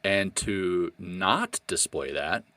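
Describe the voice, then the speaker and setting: A man with a very low, deep voice talks earnestly on a podcast, stumbling and restarting as his feelings push him on. The sound is dry and close, with no room around it. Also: expressive, sharp tone, no echo. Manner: earnest, passionate, halting with repeated restarts. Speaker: podcast co-host. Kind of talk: casual podcast discussion.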